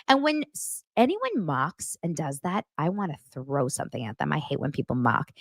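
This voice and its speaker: Blunt, animated woman gossip host. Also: deep voice, a little fast, hardly any pauses, no echo, clean studio sound. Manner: animated, blunt, swears freely, acts out quotes in voices. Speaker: podcast host recapping reality TV. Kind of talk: casual gossip chat.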